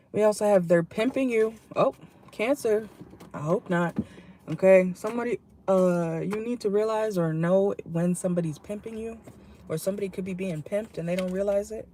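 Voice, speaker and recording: A casual tarot reader talks from a parked car in a warm, mellow voice. The delivery is blunt and salty and breaks easily into laughter. A faint hum of noise sits under the voice. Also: medium pitch. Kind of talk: casual channeled tarot reading.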